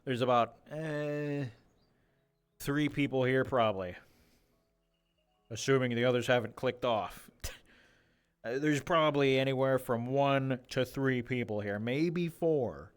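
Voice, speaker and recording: A man's voice: medium pitch, slow pace, pauses often, smooth. A young man streaming a game in casual, rambling chatter, joking and talking to animals, his voice a little worn. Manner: rambling, jokey, talks to animals in a mock interviewer voice. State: slightly losing his voice.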